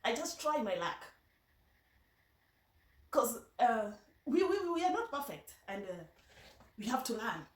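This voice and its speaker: A woman with a Luo accent talking in a casual vlog, telling stories in a chatty, halting way and often restarting her sentences. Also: a little high, sing-song. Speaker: vlogger. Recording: echoey room, voice from a distance.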